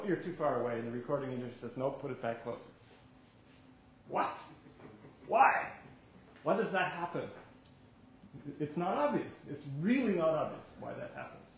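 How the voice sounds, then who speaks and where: A man in his sixties giving a technical lecture at a society meeting, with a halting, rambling delivery and wry humor. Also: fairly high pitch, a little hiss or hum. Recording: very echoey, dull room recording.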